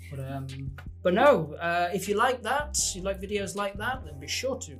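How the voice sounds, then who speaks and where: A man's voice: sits high, very animated, normal speed, fairly bright tone, soft background music. An English teacher, a man, chatting casually with wry humor and some hesitation. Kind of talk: casual chat.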